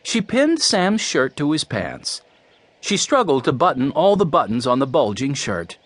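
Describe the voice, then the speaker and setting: A man narrating a children's mystery audiobook in a clear, storytelling voice. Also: a little high, sing-song, a little slow, dry recording.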